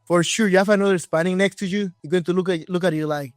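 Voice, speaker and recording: A man hosting an interview podcast, a Spanish native speaker talking in English, excited and chatty. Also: sits high, racing, no room sound, clean studio sound, soft background music. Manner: excited, chatty, rephrases often. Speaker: podcast host. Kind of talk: casual interview chat.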